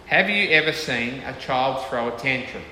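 A man's voice: mid-range voice, lively intonation, moderate pace, sharp tone, a little hiss or hum. A man preaching a sermon in a conversational way, often checking in with his listeners. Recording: echoey hall with faint ambience.

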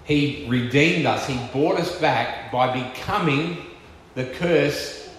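A man's voice: a little high, slight background noise. Man preaching in an echoey hall. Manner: earnest, emphatic preaching with slow stressed words. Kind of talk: sermon. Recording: echoey church hall with long reverb.

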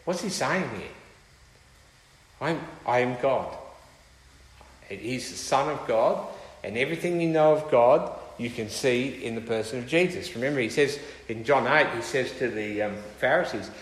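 A man's voice: mid-range voice, lively intonation, moderate pace. Man preaching in an echoing hall. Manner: emphatic, asks rhetorical questions. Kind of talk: sermon. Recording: echoey hall with long reverb.

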